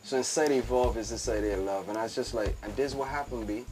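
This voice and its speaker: Talking fast at a medium pitch, this fashion entrepreneur has a darkish tone, and faint music plays behind him. He's a guest on a casual show, animated and emphatic. Phrases get repeated, and the host is "B" time after time.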